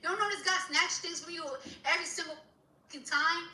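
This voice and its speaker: Furious high-voiced woman ranting. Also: fast, bright, forceful tone, roomy sound, distant mic, poor audio. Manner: furious, profane, repeats herself. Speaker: rapper. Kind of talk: angry rant on social media.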